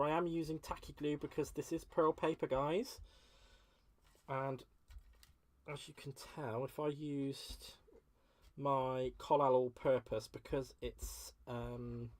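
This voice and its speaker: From his home craft space, a man hosts a crafting livestream, chatting casually and gushing as he answers viewer comments. His voice is mid-range with a darkish tone.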